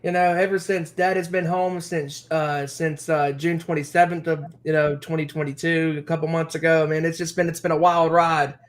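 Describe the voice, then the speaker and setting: A man's voice: a little high, little pitch movement, moderate pace, few pauses. A man co-hosting a wrestling podcast, talking in a rambling, heartfelt way full of fillers. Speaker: podcast co-host. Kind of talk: casual chat.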